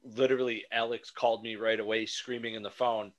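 A man co-hosting a podcast, talking in an animated, rambling way with frequent restarts. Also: on the low side, fairly quick. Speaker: podcast co-host. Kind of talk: casual chat.

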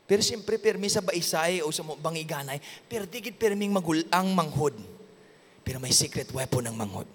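A man's voice: a little high, lively intonation, a little fast, husky. A male pastor with a Filipino accent preaching a sermon, telling stories with animation and switching between languages. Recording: long church hall reverb.

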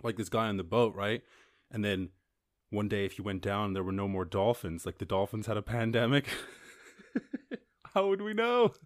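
An Irish man hosting a casual solo podcast, reading news and rambling with lots of swearing and squeaky silly voices for other people. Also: fairly even intonation, a little fast, dry recording, studio quality. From Ireland. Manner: rambling, profane, jumps into high squeaky voices for quoted people and animals. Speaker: podcast host.

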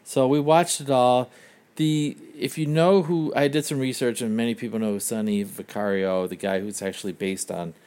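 A man co-hosting a casual podcast, easygoing, telling relaxed anecdotes and chuckling along. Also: mid-range voice, normal speed, smooth. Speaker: podcast co-host.

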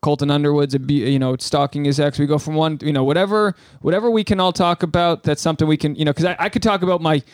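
A man from New England co-hosting a casual podcast chat, rambling and animated, joking at his own expense. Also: on the high side, fast, few pauses, no echo, clean studio sound. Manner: rambling, animated, self-mocking. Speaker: podcast co-host. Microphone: studio microphone.

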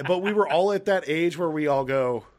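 A man's voice: a little high, moderate pace, darkish tone. A man co-hosting a podcast, telling rambling, profane family stories and laughing at them. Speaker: podcast co-host. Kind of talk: casual storytelling chat.

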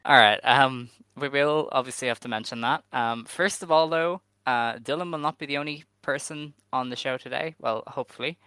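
A man co-hosting a casual podcast, walking through the news in a steady, methodical way with "um" fillers. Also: medium pitch, normal speed, few pauses, clean tone, no room sound. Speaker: podcast co-host.

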